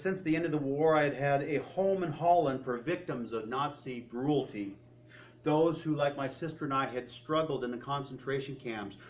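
Man preaching, telling a story quietly. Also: medium pitch, a little hiss or hum. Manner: retelling a story with quoted speech, often trailing off quietly. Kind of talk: sermon storytelling.

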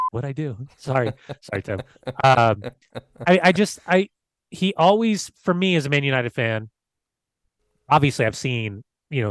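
Dude co-hosting a soccer podcast, dry close sound, casual and rambly. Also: male voice, on the low side, no room sound. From United States. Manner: loose, conversational, searching for words. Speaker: podcast co-host. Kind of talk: casual football podcast chat.

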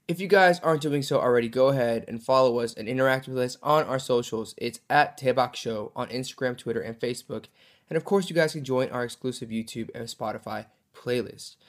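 A man's voice: mid-range voice, brisk. A young man hosting a podcast in an upbeat, chatty way. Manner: upbeat, chatty, lots of fillers. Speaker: podcast host. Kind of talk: casual podcast chat.

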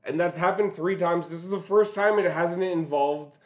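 A man's voice: high voice, moderate pace. A man co-hosting a casual podcast, blunt and swearing, talking fights with his friends. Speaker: podcast co-host. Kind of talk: casual chat.

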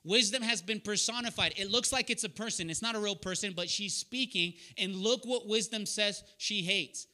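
A man's voice: high-pitched, normal speed, hardly any pauses, pushed and bright. A man preaching a sermon to a young adults group, earnest and direct, telling personal stories and calling on listeners by name. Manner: calls on listeners by name and asks them questions. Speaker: preacher leading a young adults Bible study.

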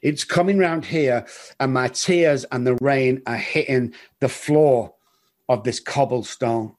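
A middle-aged man speaking in a mid-range voice. He tells his story earnestly as an interview guest, halting now and then and repeating words. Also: mid-range voice, darkish tone. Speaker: guest in recovery.

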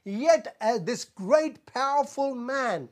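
A man's voice: extremely high pitch, lively intonation, takes it slowly. A man preaching a sermon as a pastor, earnest and repetitive, often saying "Amen" and stumbling on fillers. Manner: stumbles on filler sounds when searching for words.

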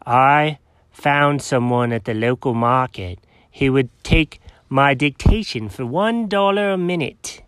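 A man voicing a proud, sulky male house cat who grumbles in a low, put-upon way. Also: unhurried, fairly bright tone, smooth, no room sound, studio quality, lightly acted. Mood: matter-of-fact.

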